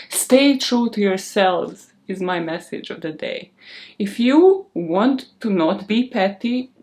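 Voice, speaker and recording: A woman's voice: a little high, a little mellow. Giggly, profane young woman chatting to camera. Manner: profane, giggly, self-mocking. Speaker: true crime YouTuber. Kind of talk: casual outtake chatter to camera. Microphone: desk microphone.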